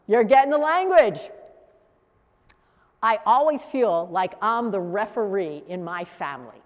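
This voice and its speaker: A woman teaching a coaching workshop, lively and laughing, repeating answers back to the room. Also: mid-range voice, a little slow, big-room sound. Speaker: coach trainer.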